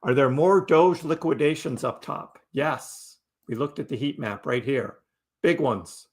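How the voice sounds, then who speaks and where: A man hosts a live crypto stream and keeps up a loose, chatty back-and-forth with his viewers. His voice sits at an ordinary middle pitch and has a gravelly edge to it. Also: a little slow. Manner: chatty, answers chat messages out loud. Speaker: crypto livestream host. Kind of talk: casual livestream chat with viewers.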